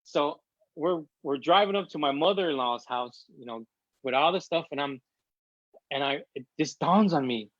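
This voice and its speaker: A middle-aged man from Chicago sits for a casual interview, his voice sitting a little high for a man. He tells his story with open emotion and acts out the quotes. The sound is dry and slightly dull. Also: expressive, moderate pace, dry recording. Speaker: interview guest.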